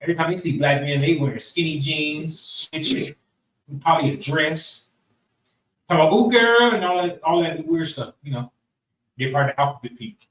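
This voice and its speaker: A man preaches to a class in a loose, casual way, his voice sitting a touch high for a man. He keeps repeating himself and checking that the room is with him. The room echoes, he sounds some way from the mic, and there is faint noise behind him. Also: fairly even intonation, normal speed, a bit bright, recorded from a distance. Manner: casual, repeats phrases, asks the room for agreement. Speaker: class leader. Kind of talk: preaching-style group lesson.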